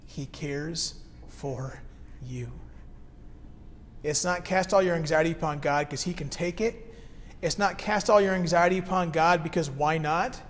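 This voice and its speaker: Male pastor, 30s, slightly high voice, relaxed sermon delivery, reverberant hall sound. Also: moderate pace, a little hiss or hum. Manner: conversational, reads scripture then explains it plainly. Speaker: care pastor.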